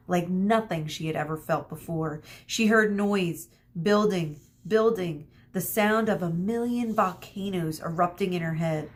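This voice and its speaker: A woman teacher reading a chapter book aloud to children, expressive, stopping for asides to her listeners. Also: fairly low pitch, a little hiss or hum.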